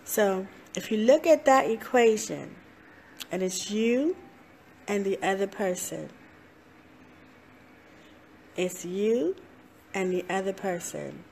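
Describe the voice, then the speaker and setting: A woman life coach gives a motivational talk that's slow, earnest and repetitive, breaking into laughs now and then and using playful self-talk voices. Her voice is on the low side, creaky and darkish, with a little hiss or hum.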